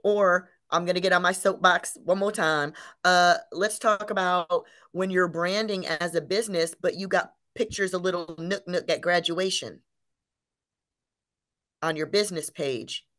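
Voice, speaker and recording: A woman co-hosting a business webinar, explaining branding in a casual, animated way and asking rhetorical questions. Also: lowish voice, measured pace. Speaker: webinar co-host.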